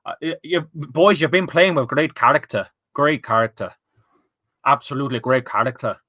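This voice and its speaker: A man's voice: mid-range voice, moderate pace, pushed and bright, no room sound, pitched below the performer's own voice. A man imitating a male football manager giving an earnest, repetitive pep talk to his players. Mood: rousing.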